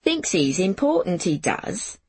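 A woman's voice: on the low side, sing-song, a little slow, slightly rough, dry recording, full character voice. A woman voicing a disdainful neighbor mother in a storybook. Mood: scornful.

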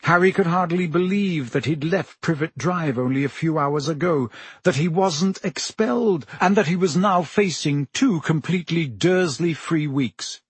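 A man narrating a storybook in a measured, even manner as an audiobook reader. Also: on the high side, slightly rough, no echo.

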